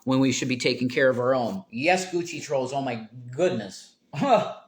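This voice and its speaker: A man's voice: medium pitch, moderate pace. Worked-up swearing male streamer. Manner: worked-up, swearing, rising to near shouts. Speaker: live streamer. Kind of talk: ranting live stream chat.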